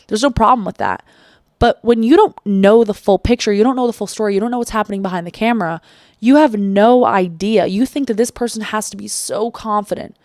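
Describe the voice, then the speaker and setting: A young adult woman hosting a solo podcast, talking casually and confessionally, swearing freely and getting animated. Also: medium pitch, dry recording, studio quality. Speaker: podcast host. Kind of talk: candid solo podcast monologue.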